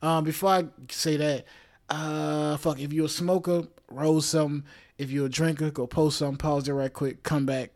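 A man's voice: a little high, flat delivery, normal speed, a little mellow. A man hosting his own podcast, talking loosely and jokingly in a casual monologue full of slang, swearing and asides to the listener. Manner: frequent laughs and check-in asides. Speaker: podcast host.

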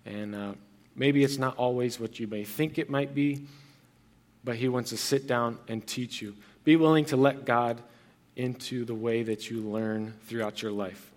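A man's voice: medium pitch, steady tone, unhurried. A young man preaching a sermon as pastor, earnest and conversational, with frequent restarts and fillers.

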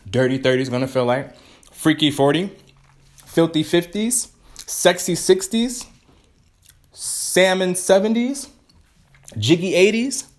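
A man hosting a casual solo podcast, rambling and swearing freely, now and then eating while he talks and jumping into high playful tones. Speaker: podcast host.

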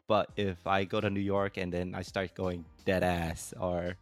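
A man's voice: low-pitched, monotone, measured pace, no echo, soft background music. A man in his thirties from San Jose with a Bay Area accent, co-hosting a casual podcast, rambling and restarting his sentences. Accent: Bay Area American. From San Jose, California. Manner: rambling, self-interrupting, laughs easily. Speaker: podcast co-host.

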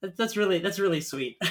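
A man's voice: high voice, animated, a little slow. A man hosting a casual podcast, upbeat and easily moved to tears by his guest's story. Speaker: podcast host.

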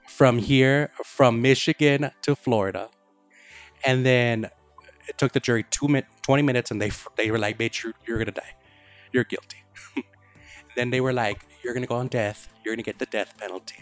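A man's voice: mid-range voice, moderate pace, no room sound, faint music behind. Profane man telling a story casually. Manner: profane, animated retelling with quoted voices. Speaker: podcast host.

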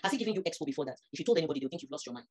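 A woman's voice: low voice, racing. A woman, preaching a sermon that rises to emphatic peaks. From Nigeria. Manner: animated, rising to emphatic peaks.

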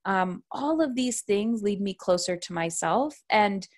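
A woman in her thirties talks as a parenting coach on a podcast interview. She tells stories in a lively way and acts out what people said to her. Her voice sits at an ordinary middle pitch. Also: measured pace. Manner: lively storytelling, acting out quoted voices.

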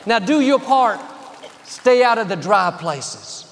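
High-voiced preaching man in a big hall. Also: expressive, slow pace, a bit bright, slight background noise. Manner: encouraging, declarative preaching in short rhythmic phrases. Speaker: pastor. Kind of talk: sermon.

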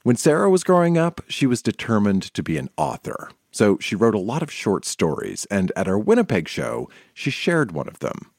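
A man's voice: lowish voice, huge pitch swings, moderate pace, hardly any pauses, a little mellow, no echo, clean studio sound. A man narrating as a podcast host, with scripted, inviting introductions.

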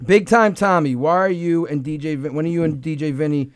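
A man's voice: a little high, fairly quick, no room sound. A young adult man hosting a comedy radio show, teasing callers and swearing freely. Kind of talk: casual banter, taking calls.

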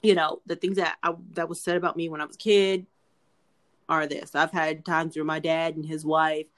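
A woman's voice: low-pitched, little pitch movement, moderate pace, a bit bright. Earnest woman podcaster pleading with listeners. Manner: earnest, pleading, repeats herself. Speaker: podcast co-host. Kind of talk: casual chat.

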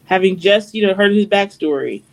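A young woman co-hosting a casual podcast, retelling anime scenes with animated, acted-out quotes. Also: medium pitch, moderate pace. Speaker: podcast co-host.

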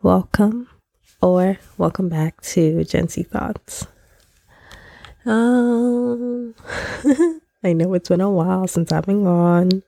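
A young woman hosts her solo podcast, sounding nasal and congested. Her low voice carries a gravelly fry, and she talks in a loose, slangy, candid way. The close mic is dry, with no room sound. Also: darkish tone, no room sound. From Nigeria. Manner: chatty, candid, slangy, laughs often. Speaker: podcast host. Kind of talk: casual solo podcast chat.

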